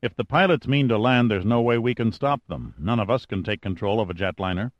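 A man's voice: fairly low pitch, fairly quick, dry recording, dull audio, natural voice. A man voicing a big, proud and stubborn male scientist who speaks in a demanding, indignant way.

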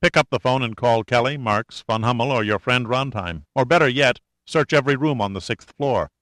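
A man's voice: medium pitch, brisk, a bit bright, no echo, close to an everyday voice. Brief: tough, tired male hero in a storybook, matter-of-fact, voiced by the narrator, dry close sound. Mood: grim. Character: weary, tough male adventurer. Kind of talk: audiobook character reading.

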